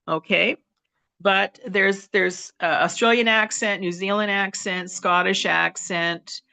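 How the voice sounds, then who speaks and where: A woman's voice: medium pitch, steady tone, slow pace, vocal fry, sharp tone, clean tone. A woman with a Western Canadian accent teaching English idioms on a video call, patiently restating each point and checking in with "okay". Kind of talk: online class teaching.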